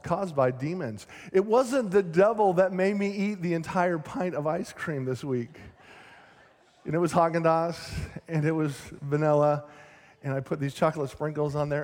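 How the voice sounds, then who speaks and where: A male pastor preaching a lively sermon with self-deprecating humor. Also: fairly high pitch, long reverb tail. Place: church sanctuary.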